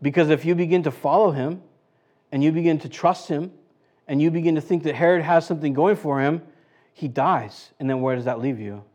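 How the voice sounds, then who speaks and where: A man's voice: fairly high pitch, a little fast, darkish tone, highs cut off. A man preaching a casual sermon as pastor, chatty, full of rhetorical questions and restarts. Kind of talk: conversational sermon.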